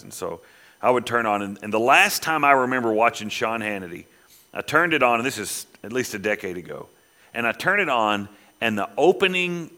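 A middle-aged man preaching a sermon, rising loud when he quotes scripture and dropping to quiet asides. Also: medium pitch. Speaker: pastor.

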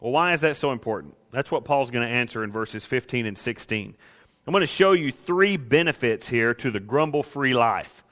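Man, pastor, conversational sermon, bright tone, church hall with long reverb. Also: mid-range voice, animated, moderate pace. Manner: conversational preaching, acts out quoted grumblers.

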